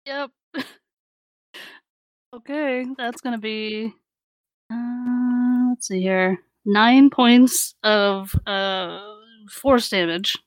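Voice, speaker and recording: A woman's voice: a little high, extremely slow, pauses often, no room sound, poor audio. A woman player in a tabletop game, chatty and laughing often. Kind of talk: casual tabletop game play.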